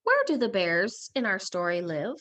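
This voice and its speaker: A woman teacher reading a story aloud in a lesson, expressive and asking questions. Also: medium pitch, normal speed.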